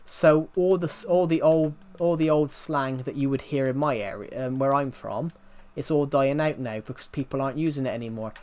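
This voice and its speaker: The young British gamer's medium-pitched voice sounds a little mellow, moving at a moderate pace with hardly any pauses. Speaking with a non-London British accent, he rambles through casual stream chat, repeating himself and using "um" and "if you get what I mean" often.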